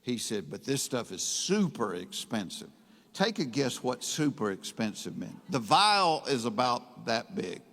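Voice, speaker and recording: A man's voice: mid-range voice, big pitch swings, unhurried, a bit bright. Man telling a stand-up story. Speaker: stand-up comedian. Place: stage in a large hall. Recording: hall reverb.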